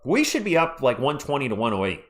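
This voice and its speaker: A man, hoarse and losing his voice, doing fan play-by-play on a live stream and ranting about referee calls. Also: mid-range voice, big pitch swings, fast.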